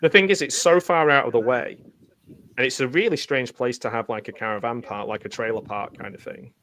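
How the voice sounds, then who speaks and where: A man's voice: mid-range voice, a little fast, fairly bright tone. A man talking casually about his trip, chatty and laughing often. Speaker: host. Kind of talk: casual chat over travel photos.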